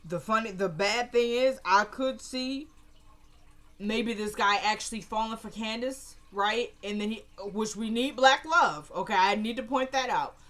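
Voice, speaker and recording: A young woman giving a casual, opinionated recap of a TV episode, acting out the characters' lines in quick quoted bits. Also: on the high side. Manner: animated, retells scenes in quoted voices, opinionated. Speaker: show recapper.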